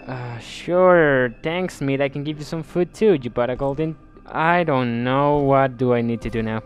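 A man's voice: mid-range voice, unhurried, hardly any pauses, soft background music. A man commenting on a video game as he plays, thinking aloud in a bemused way and often restarting his sentences. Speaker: gameplay commentator. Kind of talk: let's play commentary.

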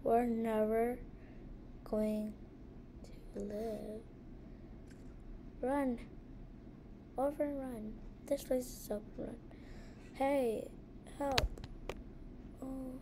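Woman, let's play commentary, jumpy and gasping, slow talker, noticeable background noise. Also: on the high side, fairly even intonation. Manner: jumpy, gasping, talks to herself, scared reactions. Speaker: gamer.

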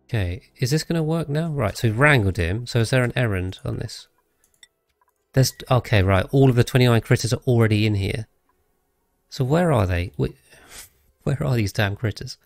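A man's voice: medium pitch, lively intonation, moderate pace, creaky, dry recording. A man streaming a video game live, thinking aloud and chatting casually with his viewers as he plays. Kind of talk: casual live gameplay commentary.

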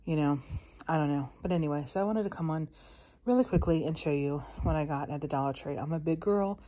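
Recorded on a phone camera, a woman rambles through a shopping haul at home late at night, worn out and breathless, with laughs scattered through her casual chat. She talks fast in a low, mellow voice.

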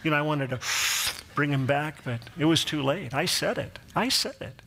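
A man's voice: fairly high pitch, moderate pace, vocal fry, fairly bright tone. A middle-aged male pastor telling a personal story in a sermon, acting out quoted voices and laughing along with his own jokes.

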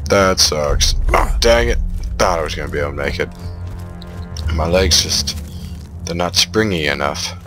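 A man commentating on his own shooter gameplay, excitable and trash-talking the enemies. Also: low voice. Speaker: gamer playing a shooter. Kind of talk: let's play commentary.

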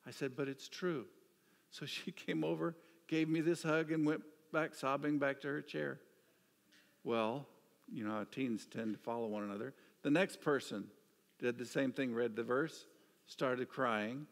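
A man's voice: medium pitch, measured pace, creaky. Man preaching in a reverberant church. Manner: storytelling, swings from animated to hushed. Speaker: pastor. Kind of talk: sermon. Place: church sanctuary.

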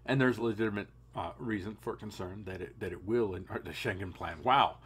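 A man's voice: lowish voice, a little fast, fairly bright tone, husky. A man hosting a political commentary podcast, reading news and adding sarcastic, conversational asides. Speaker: podcast host.

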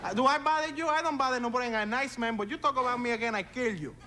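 A man's voice: very high-pitched, very fast, a loud crowd, heavy background noise, voice pushed up. A man voicing a touchy, grumbling building manager who speaks in broken English. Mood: aggrieved. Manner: broken English, sulky and stubborn.

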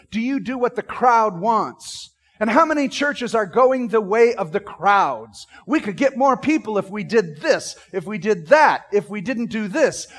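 A man giving an animated Bible-teaching sermon, acting out scenes and asking his listeners questions. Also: sits high. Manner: asks the audience questions.

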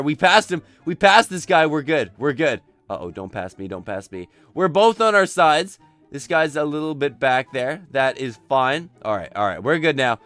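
Gaming host, young man, hoarse and nearly voiceless, slightly high, smooth close dry mic, excitable commentary. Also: no echo. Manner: excitable, narrates each move, frequent yells. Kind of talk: gameplay commentary.

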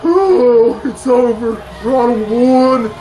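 A man hosting a reaction channel who yells, swears and laughs through his commentary, and whose voice is going hoarse. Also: very high-pitched, animated, drawn-out words. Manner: loud, profane, shouting and laughing often. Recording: wrestling video's music and crowd playing underneath. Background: music and crowd noise from the watched video.

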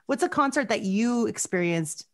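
A woman's voice: a little high, animated, moderate pace, fairly bright tone. A Canadian woman hosting a podcast, asking questions and encouraging her guest. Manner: attentive, encouraging interviewer. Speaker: podcast host. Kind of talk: casual interview chat.

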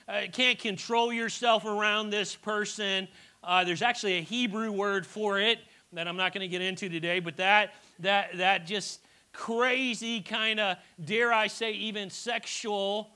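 A man's voice: high-pitched, sharp tone. A middle-aged man preaching a sermon in a church, telling personal stories in a chatty way with frequent restarts and stammers. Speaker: pastor.

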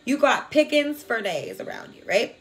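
This spiritual vlogger, an adult woman with a young daughter, has an expressive voice on the high side and a moderate pace. She talks casually and affectionately to viewers about energy and feelings, filling her speech with "like" and checking in with "right?".

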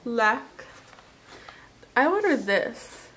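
Chatty, self-deprecating woman vlogger doing an unboxing, unhurried delivery. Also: a little high, wildly swooping pitch, a bit bright, slight background noise. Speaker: vlogger, new mother. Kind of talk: casual product unboxing chat.

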